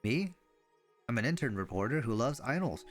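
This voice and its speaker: A man reading the part of an eager young woman fan who poses as an intern reporter, gushing and excitable. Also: mid-range voice, moderate pace, faint music behind, close to an everyday voice. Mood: excited.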